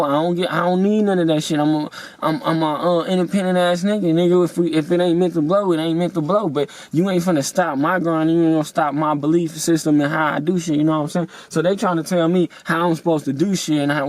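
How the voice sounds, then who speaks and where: A man's voice: on the high side, steady tone, fast, hardly any pauses, darkish tone, no echo, low-quality recording. A young man telling a story in a casual vlog rant, rambling and profane, with many fillers and heated outbursts. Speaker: vlogger.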